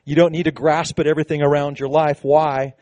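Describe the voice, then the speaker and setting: A man preaching a sermon to his congregation, animated and conversational, with casual asides. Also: on the high side, a little fast, no echo. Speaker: pastor. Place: church service with a congregation.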